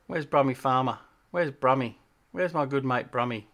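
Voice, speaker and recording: While playing on his relaxed gaming stream, the host talks through his thoughts out loud and ribs his guests in a chatty way. He speaks at a medium pitch and moderate pace, with a fairly bright tone.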